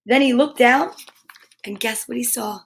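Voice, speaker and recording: A woman reading a children's storybook aloud, animated, with gasps and asides to her listeners. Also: a little high, unhurried, gravelly.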